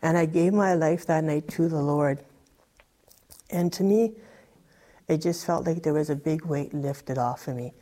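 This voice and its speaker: A woman's voice: low-pitched, a little slow, pauses often, warm tone. A woman telling her personal testimony in an earnest, rambling way, full of "you know" and "like". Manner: earnest, rambling with many fillers. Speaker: testimony speaker.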